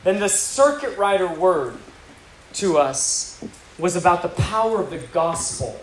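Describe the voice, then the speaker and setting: Energetic preacher man in echoey hall. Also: high voice, unhurried, a little hiss or hum. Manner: energetic storytelling with acted quotes. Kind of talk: sermon storytelling. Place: large hall with audience. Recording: roomy hall from a distance, crowd.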